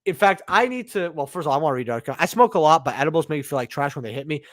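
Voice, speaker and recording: Young man, stream host, casual rambling chat, slang and swearing, slightly high voice, dry close sound. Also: expressive, racing, no echo. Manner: slangy, swearing, rambling storyteller who says "bro". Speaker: livestream host.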